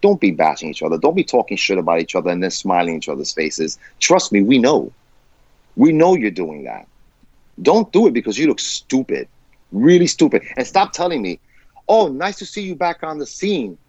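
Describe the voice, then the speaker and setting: A man's voice: lowish voice, very animated, fairly quick, a little mellow, husky, no echo. A man talking as a guest on a podcast, passionate, emphatic and heavy on profanity. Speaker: guest musician. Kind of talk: candid podcast conversation. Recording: dull lo-fi dry sound.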